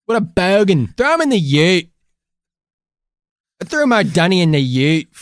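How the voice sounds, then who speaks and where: A slang-slinging ocker Australian bloke, put on by a man, hamming up every crude line. The voice leaps about in pitch with broad, exaggerated swings. The sound is dry and close. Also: very animated, unhurried, clear, resonant tone, dry recording. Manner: slang-heavy, hammy and crude.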